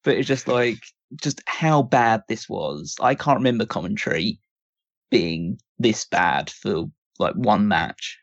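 A man's voice: fairly low pitch, lively intonation, slow, no room sound, muffled recording. A man co-hosting a casual podcast chat, talking critically in loose, rambling sentences full of fillers. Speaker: podcast co-host.

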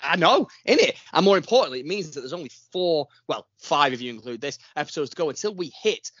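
A man's voice: expressive, fast talker, fairly bright tone, dry recording. British guy cohosting a podcast, jokey and teasing, voice bouncing all over, dry slightly dull sound. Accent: British English. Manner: teasing, playful, sing-song swings in pitch. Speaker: podcast co-host. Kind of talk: casual podcast banter.

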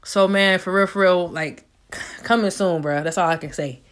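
Casual podcast talk, young woman, slangy and loose, low-ish voice, cussing freely. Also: normal speed. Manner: loose, profane, slangy storytelling. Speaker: podcast host. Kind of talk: casual solo podcast chat.

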